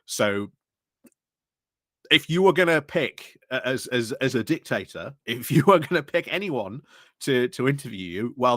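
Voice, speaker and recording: A man's voice: mid-range voice, a bit bright, dry recording, clean studio sound. A man in casual political chat on a podcast, rambling with many fillers and restarts. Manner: rambling, frequent fillers and restarts, laughs while talking. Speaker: podcast panelist.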